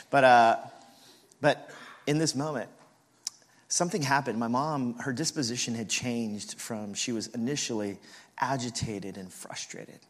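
A male preacher of middle pitch, speaking in a large hall with a long reverb tail. He delivers a sermon, animatedly telling a family story and acting out each relative's voice. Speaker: pastor.

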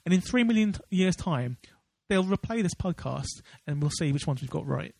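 Rambling podcast co-host, a man with a voice pitched a little high. He chats casually, stumbling through fillers and restarts, recorded dry and close with no room sound. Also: expressive, moderate pace, creaky, a little mellow, no echo. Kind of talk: casual chat.

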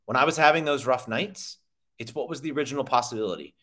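Animated man telling business stories. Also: mid-range voice, quick pace. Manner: energetic, repeats words and restarts, quotes people in lively voices. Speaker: sales coach guest. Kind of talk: conversational interview storytelling.

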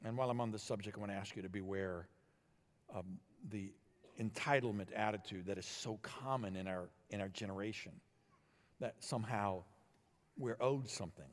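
A male pastor preaching a sermon in a conversational style, asking the congregation questions and swinging between quiet and emphatic delivery. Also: lowish voice, normal speed. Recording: long hall reverb.

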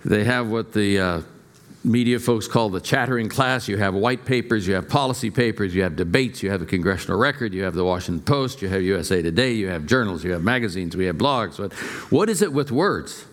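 A man's voice: lowish voice, lively intonation, brisk. A middle-aged male pastor preaching a sermon, telling stories with playful asides and shifting emphasis.

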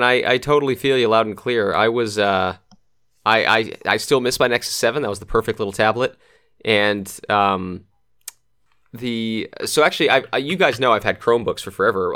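A man's voice: fairly low pitch, fairly quick, pushed and bright. A middle-aged man hosting a casual podcast chat, blunt and swearing freely. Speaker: podcast host.

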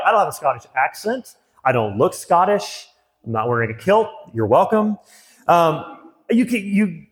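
A middle-aged man preaching a sermon as a pastor, earnest and emphatic, repeating key phrases. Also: fairly high pitch. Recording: long hall reverb.

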